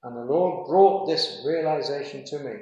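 A man preaching a sermon in an earnest, measured way, slowing down to stress key phrases. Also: on the high side, dark tone, highs cut off. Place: church. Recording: very echoey hall.

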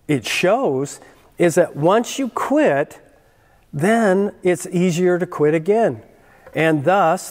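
Male pastor, slightly high voice, slow and deliberate delivery, emphatic sermon style, long hall reverb. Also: a little mellow. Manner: earnest, emphatic preaching with repeated phrases.

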